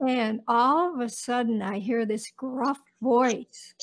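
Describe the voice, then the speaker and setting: A woman in her seventies, an interview guest recounting her own childhood in unhurried, reflective storytelling. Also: fairly high pitch, steady tone, low-quality recording. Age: 70s. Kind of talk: personal storytelling.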